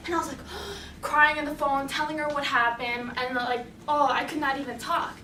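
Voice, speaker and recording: A young woman telling a personal story live on stage, acting out her panic with animated shifts in voice. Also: high voice, normal speed. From Bosnian family. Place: stage in a hall. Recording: echoey hall, mic heard from a distance, noisy.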